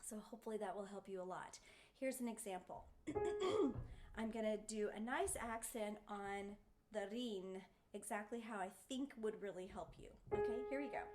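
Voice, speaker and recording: A woman's voice: mid-range voice, moderate pace, a little mellow. A woman giving a singing lesson, encouraging her students and showing them the sounds with sung vowels. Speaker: voice teacher.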